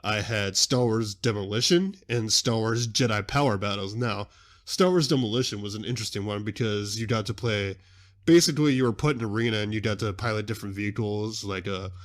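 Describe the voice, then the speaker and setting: A young man hosting a podcast in a casual, excitable, rambling way, often interrupting himself mid-sentence. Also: on the low side, fairly quick. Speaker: podcast host.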